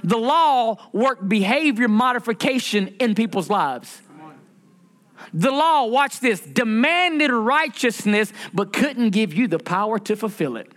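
Preaching a sermon, a male pastor calls out questions to his congregation and repeats phrases in call-and-response fashion. His tone is expressive and fairly bright, and when reading scripture he slows down and rises in pitch for emphasis.

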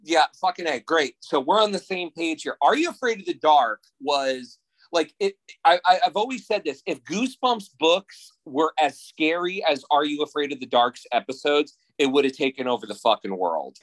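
A man in his thirties from New Jersey, a podcast guest telling stories in a casual, excitable and profane way. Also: a little high, normal speed, rough recording. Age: 30s. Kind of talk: casual chat.

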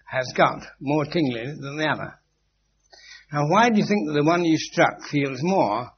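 A man giving an informal philosophical lecture to a live group. He speaks in an emphatic, instructive way, with dry witty asides and repeated key phrases. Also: fairly high pitch. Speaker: spiritual teacher lecturing a group. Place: meeting room with a live audience. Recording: muffled 1980s lecture tape with faint hum.

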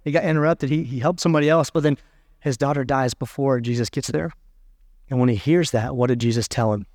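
A male pastor preaching a sermon in a conversational way, reading scripture aloud with pauses. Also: mid-range voice, darkish tone, no room sound, clean studio sound.

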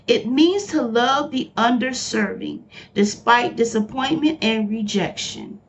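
A woman's voice: fairly high pitch, highs cut off. A woman pastor preaching on her podcast, passionate and emphatic, repeating key lines for emphasis.

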